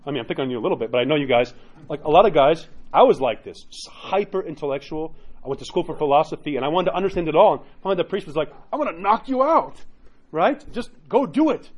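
A man's voice: on the high side, rapid-fire. A man teaching as a priest in a casual, joking way, often acting out what people say. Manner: animated, joking, acts out quoted voices. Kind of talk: conversational teaching talk. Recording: dull lo-fi recording.

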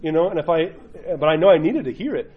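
A man's voice: on the high side, lively intonation, quick pace, phone-quality sound, a little hiss or hum. A man speaking as a priest, giving an informal sermon in a blunt, joking, emphatic way.

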